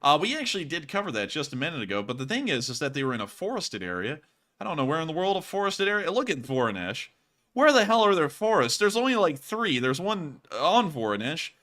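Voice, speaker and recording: A man with a bright, forceful voice hosts a casual livestream news commentary. He talks emphatically and with animation, and he breaks into laughter often. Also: on the high side, sing-song, fast. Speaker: host.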